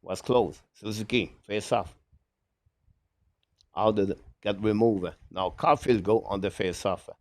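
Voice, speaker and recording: A man calling a hockey game live as a fan play-by-play commentator, in rapid, clipped, broken phrases with eager, apologetic asides, speaking into a headset mic. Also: on the low side, a little mellow, dry recording. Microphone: headphones with mic.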